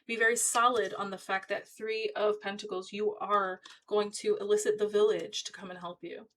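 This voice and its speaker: A woman reads tarot cards for her viewers in a casual, chatty way. Her voice sits at a middle pitch. She leans hard on her points and keeps urging listeners not to give up. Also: flat delivery, normal speed, a bit bright, a little hiss or hum, rough recording. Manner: chatty, encouraging, emphatic. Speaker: tarot reader. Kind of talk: casual tarot reading to camera.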